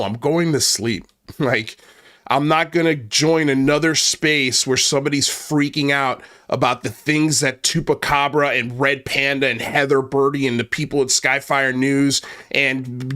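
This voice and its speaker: A man with a mid-pitched voice delivers a heated commentary rant. He swears freely and sounds worked up, now and then tripping over the start of a line. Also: a bit bright. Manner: angry, profane, ranting; repeats himself and restarts when worked up. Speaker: commentary channel host.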